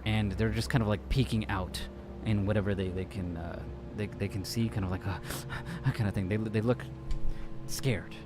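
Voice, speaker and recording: A man narrating as game master in a relaxed, hesitant way with many fillers. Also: fairly low pitch, moderate pace, over music.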